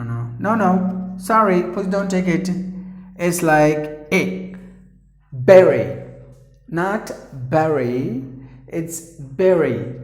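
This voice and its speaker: Slow-paced man teaching pronunciation. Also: on the high side, darkish tone. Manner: repeats words slowly, corrects himself often. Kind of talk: pronunciation lesson. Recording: echoey room.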